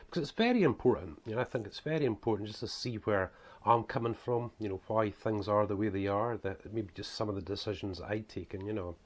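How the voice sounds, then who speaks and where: Husky Scottish man, rambling chat. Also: fairly low pitch, fairly quick. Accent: Scottish, toned down. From northeast Scotland. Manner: rambling, with many "you know" fillers and "guys". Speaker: author and preacher presenting his book series. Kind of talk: casual talk to camera.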